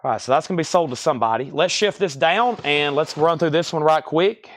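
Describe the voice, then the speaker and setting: A man's voice: a little high, a little fast, few pauses. Southern man calling out record prices. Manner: rattles off titles and prices in a steady sales patter, folksy asides. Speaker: host selling records on a livestream. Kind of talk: live sales stream, casual chat.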